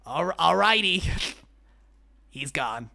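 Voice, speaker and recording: A man with a Sheffield accent, streaming as a rat character in game role-play. His voice is very bright and piercing, with a gravelly fry at its edges. He is excitable and yells out comic bits. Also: on the high side, very slow.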